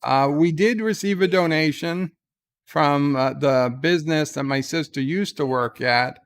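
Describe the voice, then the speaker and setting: A man hosting a casual live stream, speaking earnestly and haltingly with plenty of fillers. His voice sits a little high and sounds smooth and clear.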